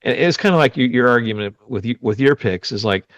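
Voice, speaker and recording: A man's voice: mid-range voice, lively intonation, a little fast, fairly bright tone, no echo, muffled recording. A man co-hosting a podcast, casually chatting with an opinionated, grumbling, sarcastic manner. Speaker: podcast co-host. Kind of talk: casual chat.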